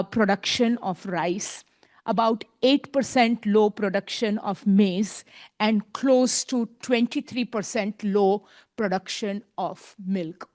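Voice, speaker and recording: A woman speaking as a conference panelist, emphatic and repeating her points, often adding a questioning tag. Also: mid-range voice.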